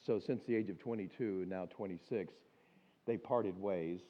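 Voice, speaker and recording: A man speaking at a school week of prayer, telling stories from his life in an animated way and acting out the voices of the people in them. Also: sits low, moderate pace. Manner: animated storyteller, acts out quoted voices. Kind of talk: storytelling sermon. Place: school chapel or auditorium. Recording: dull lo-fi sound.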